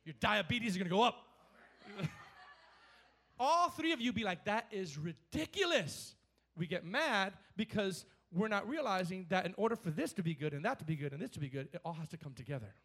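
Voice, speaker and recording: A man preaching a sermon in a church, energetic and animated, repeating words and acting out scripture quotes. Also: high-pitched, fairly quick, slightly rough. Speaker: pastor.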